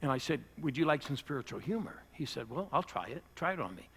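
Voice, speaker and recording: An older man, a pastor, preaching to a church audience and telling a personal story, rising to loud bursts and dropping to hushed lines. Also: medium pitch, sing-song, quick pace, vocal fry, slightly rough. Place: church service before a live audience.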